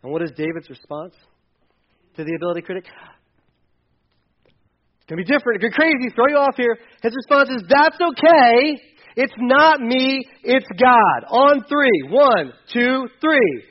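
Male preacher, high-pitched, playful and animated sermon delivery; muffled lo-fi recording. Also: moderate pace, pauses often. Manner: animated, jokey, acts out the Bible story in voices.

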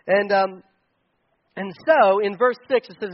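Brief: male pastor, high voice, chatty sermon with casual asides, muffled lo-fi sound. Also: moderate pace. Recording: dull lo-fi sound.

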